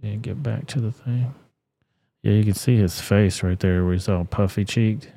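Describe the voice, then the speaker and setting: A man's voice: lowish voice, normal speed, gravelly, dark tone, no echo. A man hosting a casual livestream, reacting to videos and reading chat with crude, blunt, profane talk. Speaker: livestream host.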